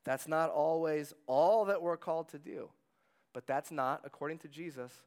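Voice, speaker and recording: A man preaching a sermon as pastor, in a conversational way, letting his phrases trail off softly. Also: a little high, normal speed, clear, resonant tone.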